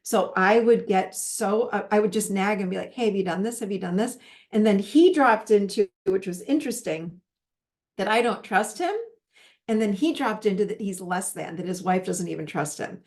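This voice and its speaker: A woman's voice: mid-range voice, normal speed, a little mellow. A middle-aged woman teaching a relationship masterclass in a casual, conversational way, with personal stories and frequent restarts.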